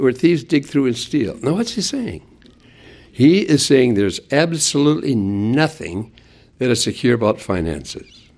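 An older man delivers a sermon in an earnest preaching voice. His pitch swoops up and down to stress key words, and he pauses to let points land while quoting scripture. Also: a little mellow. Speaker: pastor.

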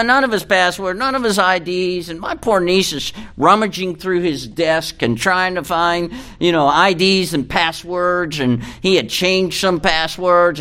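A man's voice: high voice, bright, forceful tone. Folksy older male preacher. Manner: folksy, earnest preaching with scripture readings. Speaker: pastor. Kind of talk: sermon.

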